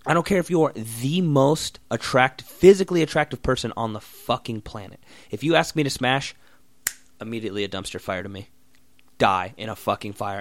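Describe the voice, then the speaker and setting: Young male podcast host, profane sarcastic ranter, animated delivery, dead-dry room sound. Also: mid-range voice, no room sound. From Oregon. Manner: profane, blunt, sarcastic ranting. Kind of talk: solo ranting podcast.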